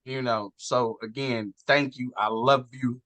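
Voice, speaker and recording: A man, talking casually and earnestly as a guest, animated and swearing now and then. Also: mid-range voice, a little slow, no echo. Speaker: guest on a wrestling talk show. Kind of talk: casual heartfelt chat.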